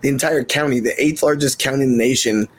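A man's voice: medium pitch, quick pace. A man co-hosting a podcast, telling a rambling, joking story about being a dad in casual chat. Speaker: podcast co-host.

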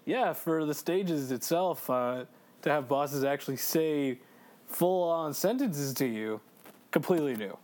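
An excitable man talks through a video game with a co-host, swearing freely and laughing between thoughts. His voice sits a bit high and swings widely as he gets worked up. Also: measured pace. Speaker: let's play co-host. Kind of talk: casual gaming chat.

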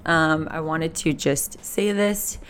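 Speaking at a moderate pace in a low-sitting voice, a vlogger in her twenties opens up on camera in Fort Lauderdale, Florida. The camera mic picks up slight background noise as she rambles, gets emotional, and swears without holding back.

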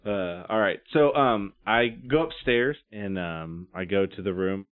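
A man playing a tabletop game in character, animated and laughing now and then. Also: on the low side, a little slow. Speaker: player. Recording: tinny phone-like line.

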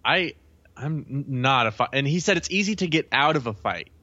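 A man's voice: medium pitch, lively intonation, moderate pace, pushed and bright, highs cut off. A young man chatting casually about a film, rambling and laughing at his own jokes. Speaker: podcast co-host.

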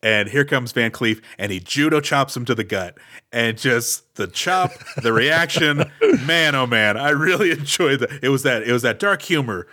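A man's voice: mid-range voice, expressive, normal speed, bright, forceful tone. A man co-hosting a podcast, chatting casually about an action movie with rambling restarts. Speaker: podcast co-host. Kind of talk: casual movie recap chat.

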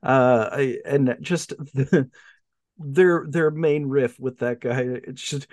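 A man's voice: mid-range voice, slow pace, a little mellow, no echo, studio quality. A man co-hosting a podcast, chatting casually about a movie, laughing often and swearing now and then. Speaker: podcast co-host. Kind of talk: casual movie-review chat.

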